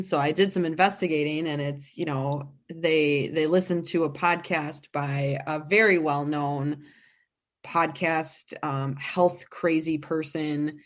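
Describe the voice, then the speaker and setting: A woman with a lower-pitched voice co-hosts a casual podcast. She talks emphatically and in quick bursts about her clients, with frequent restarts. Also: fairly even intonation. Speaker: podcast host and nutrition practitioner.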